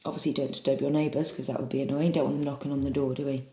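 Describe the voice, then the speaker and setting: A woman's voice: very deep voice, flat delivery, very fast, dark tone. A woman from England leading an online drama lesson for children, chatty and encouraging as she demonstrates reading aloud. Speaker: drama teacher. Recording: echoey room.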